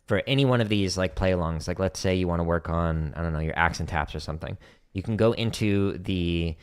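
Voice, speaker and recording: Low-voiced man teaching drums casually. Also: brisk, smooth. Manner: casual, demonstrating as he talks, many fillers. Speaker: drumming teacher. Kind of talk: livestream Q&A lesson. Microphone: streaming setup at home.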